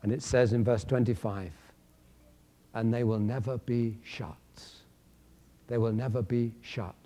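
A male pastor from England preaching a sermon, swinging between loud emphatic declarations and quiet storytelling. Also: mid-range voice.

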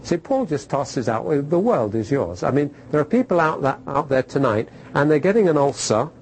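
A man's voice: on the high side, very animated, brisk, slight background noise, low-quality recording. A man preaching a sermon to a congregation in a conversational way, asking rhetorical questions and telling stories. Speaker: pastor.

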